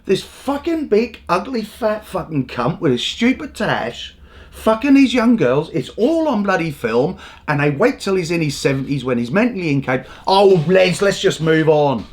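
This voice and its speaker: A man's voice: high voice, very animated, normal speed. A man hosting a show, delivering sweary, indignant comedic commentary. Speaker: host.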